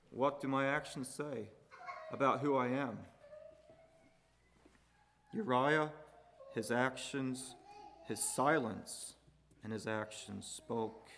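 A man preaching a sermon, building to loud emphatic peaks and dropping low and quiet between points. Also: slight background noise. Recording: hall reverb.

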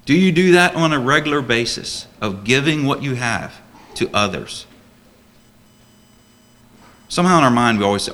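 A man's voice: medium pitch, animated, normal speed, pauses often, fairly bright tone. A man preaching a sermon to a church congregation as a deacon, earnest and emphatic, full of rhetorical questions.

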